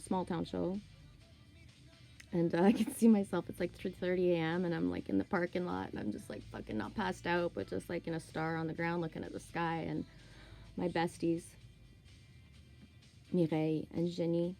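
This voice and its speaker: A woman's voice: fairly low pitch, moderate pace, vocal fry, pauses often, mellow, soft background music, rough recording. Foul-mouthed woman rambling. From Canada. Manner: profane, rambling, candid. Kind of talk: casual monologue.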